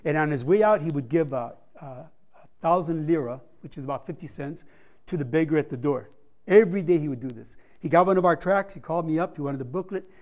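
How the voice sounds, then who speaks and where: A man's voice: fairly high pitch, fast, a little mellow. A man giving a conversational missions report to a church congregation, telling stories with humorous asides.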